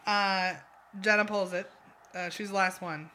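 A co-host on a casual podcast, recapping a reality show with animated, exasperated asides. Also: mid-range voice, a little slow, a little hiss or hum.

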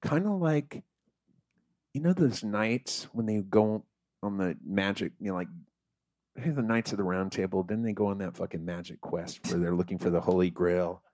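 A man telling a comic story in a loose, profane, animated way, acting out the characters. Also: low voice, normal speed, dry recording, studio quality. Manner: profane, animated, acts out voices.

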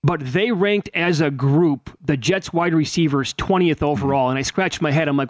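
A man from Wisconsin hosting sports talk radio in a loose, conversational way. His voice sits a little high. The studio sound is dry. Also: moderate pace, few pauses, no echo. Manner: conversational, with filler and restarts. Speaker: radio sports show host.

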